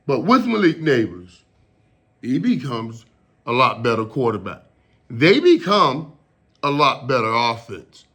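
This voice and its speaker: Man, casual solo talk, rambling, emotional, mid pitch. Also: sing-song, measured pace, fairly bright tone. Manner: emotional, rambling, repeats words. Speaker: show host.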